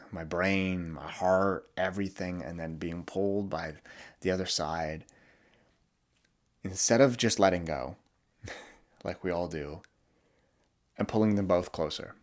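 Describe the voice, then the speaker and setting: A young man hosting a podcast, talking candidly and vulnerably in a reflective monologue, often halting and restarting. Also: sits low. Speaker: podcast host.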